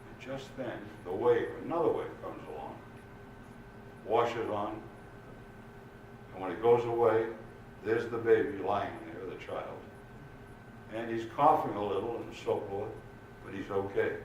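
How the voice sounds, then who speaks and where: An older man telling jokes in an unhurried, lively way to a live audience in a community room at a retirement village, recorded in an echoey room from far off. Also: lowish voice, a little hiss or hum. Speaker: amateur comedian. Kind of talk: stand-up joke telling. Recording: echoey room, mic far off, faint ambience.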